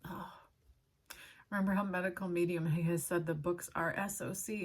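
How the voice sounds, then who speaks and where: On her channel, an earnest, emotional woman with a lowish voice reads a book aloud, mixing in casual personal asides and pausing often to apologize. Slight background noise can be heard.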